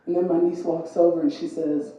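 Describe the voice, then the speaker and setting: A woman's voice: fairly low pitch, a little fast. Young woman with a lisp, very echoey. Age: young adult. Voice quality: lisp from braces. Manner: animated, voices others in quotes. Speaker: stand-up comedian. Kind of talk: stand-up comedy set. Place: comedy venue with laughing audience. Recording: very echoey live room.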